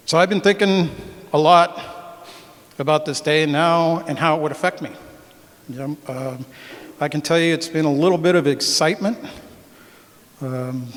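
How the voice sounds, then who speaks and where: A man's voice: a little high, a bit bright. Older man, reflective retirement speech. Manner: reflective, thankful. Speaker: retiree giving a farewell speech. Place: banquet hall. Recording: reverberant banquet hall.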